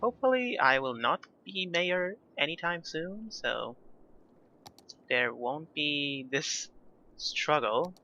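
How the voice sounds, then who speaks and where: A young man narrates his gameplay in a loose, rambling way, joking at his own expense between moves. His voice is sharp and bright and sits a little high. The recording is a bit muffled, like a basic home mic. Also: expressive, slow pace, a little hiss or hum. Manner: chatty, self-deprecating, rambling asides. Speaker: gaming YouTuber. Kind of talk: casual gameplay commentary.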